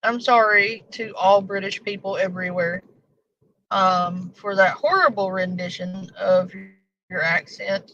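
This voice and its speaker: A woman's voice: mid-range voice, measured pace, a bit bright. A woman hosting a casual live stream, rambling and joking with plenty of swearing. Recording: dull lo-fi stream audio.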